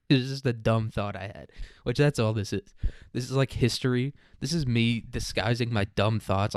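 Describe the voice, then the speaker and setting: Low-voiced dude rambling crude jokes on his history podcast, super dry mic. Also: no echo. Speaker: podcast host. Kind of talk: casual history podcast monologue.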